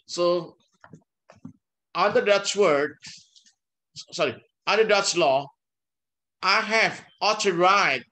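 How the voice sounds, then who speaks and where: An older man delivers a university law lecture in English. He talks very slowly, halting and restarting often. His voice is bright and forward. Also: sits high. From Indonesia. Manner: slow and halting, with pauses and restarts; mixes in Dutch legal text. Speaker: law professor.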